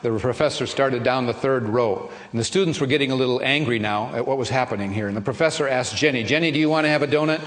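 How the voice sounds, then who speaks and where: A man preaching a sermon, telling a story gently and slowing down for tender moments. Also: mid-range voice. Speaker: pastor. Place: church sanctuary. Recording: long reverb of a church hall.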